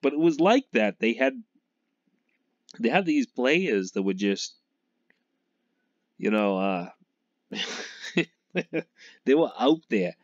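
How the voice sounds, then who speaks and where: This Massachusetts man, a sports fan vlogger, wanders through an easygoing talk about football, laughing a lot and trailing off mid-thought. His medium-pitched voice has lively intonation but a slow pace broken by long pauses. There's no echo, though the lo-fi recording comes across dull.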